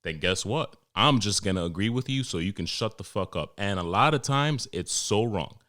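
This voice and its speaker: A young New man hosts his podcast in a loose, profane rant, slipping into quick impressions of the people he talks about. His voice sits on the low side. He swears freely and keeps the pace casual. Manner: profane, animated storytelling with mimicked customers. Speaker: podcast host and barber.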